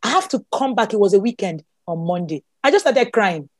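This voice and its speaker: A woman's voice: medium pitch, big pitch swings, fairly quick, dry recording, clean studio sound. A woman with a Nigerian accent, a guest animatedly telling a personal story. She exclaims often and laughs as she talks.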